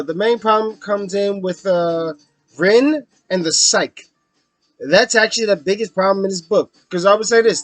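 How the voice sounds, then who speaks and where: In a high, bright, cutting voice, a man rants his way through a casual book review, swearing freely and leaning on frequent fillers while he figures out his points. The recording is close and dry, with no room sound.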